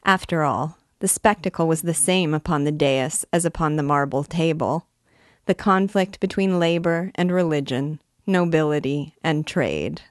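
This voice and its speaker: A woman reading a classic novel aloud in a measured, expressive way. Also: low-pitched, dry recording, studio quality. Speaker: reader and teacher.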